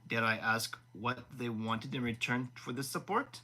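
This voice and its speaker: A man's voice: medium pitch, steady tone, unhurried, sharp tone. A man voicing a charming young prince with a dry, teasing manner in a live audiobook reading. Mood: wry.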